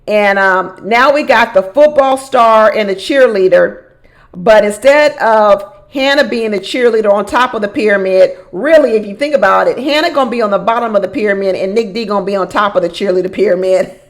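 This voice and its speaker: A woman giving a casual recap of a reality show. She is animated, often repeats phrases for emphasis, laughs often and talks straight to the people on the show. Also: mid-range voice, a little fast. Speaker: reality show commentator and relationship coach.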